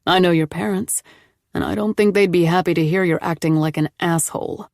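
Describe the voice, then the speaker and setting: A woman narrator voicing a protective grown man who speaks in a low, firm and gentle way. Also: fairly even intonation, brisk, gravelly, no room sound, clean studio sound.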